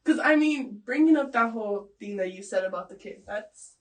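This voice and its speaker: A young adult woman co-hosting a podcast in casual chat, teasing, blunt and quick to laugh. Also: medium pitch, lively intonation. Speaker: podcast co-host. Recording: voices heard from a distance.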